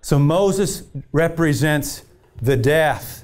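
A man's voice: a little high, expressive, drawn-out words, a little mellow. A male pastor preaching a sermon to a church congregation, calling out for "amen" and retelling scripture as a story with frequent restarts. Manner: call-and-response preaching, keeps asking the congregation "amen?". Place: church service.

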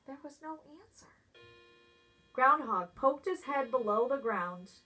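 A preschool teacher reading a picture book aloud, pausing to ask the children questions. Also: female voice, sits high. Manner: expressive, asks children questions. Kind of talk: storybook read-aloud for preschoolers.

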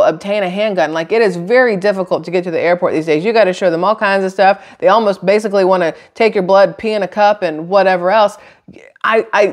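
A woman with a lower-pitched voice talks straight to her camera microphone. She reads news items aloud and then cuts in with blunt, chatty opinions of her own. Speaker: channel host. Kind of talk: casual commentary reading news.

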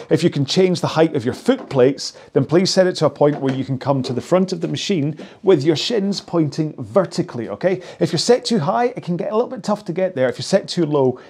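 A man's voice: on the high side, darkish tone, breathy edge. A man coaching an indoor rowing workout in a chatty, joking way while he rows along on a machine. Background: faint music.

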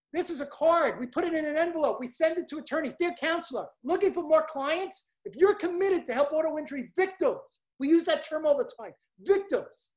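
High-pitched, punchy Brooklyn woman coach. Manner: emphatic, punchy, hyped-up. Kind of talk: seminar sales pitch.

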